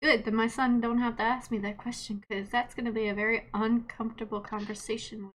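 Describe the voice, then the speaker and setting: A woman in her late twenties, a streamer telling stories in casual chat, animated, laughing often and swearing freely. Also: on the high side, brisk. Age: late 20s.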